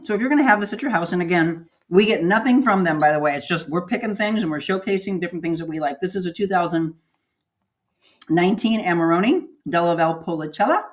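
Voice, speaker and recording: Chatty Midwestern woman, show host, lower pitched, casual wine-tasting talk. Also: a little fast. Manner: chatty, laughs often, talks with food in her mouth. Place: new studio, sitting on the floor.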